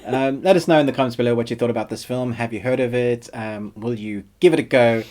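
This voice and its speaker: A man hosting a casual film review, speaking in a relaxed, rambling way with frequent fillers. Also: mid-range voice, fast talker.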